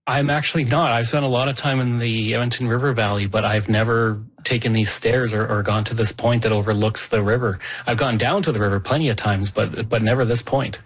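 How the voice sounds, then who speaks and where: A man's voice: medium pitch, fairly even intonation, a little fast, few pauses, husky. A man co-hosting a call-in radio show, enthusiastic and rambling a little as he describes places. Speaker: radio co-host.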